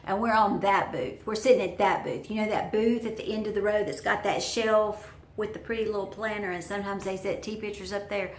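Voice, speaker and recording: A woman's voice: medium pitch, steady tone, a little fast, hardly any pauses, roomy sound. A woman telling a personal story to her viewers in a chatty, folksy way. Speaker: vlogger. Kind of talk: storytelling vlog.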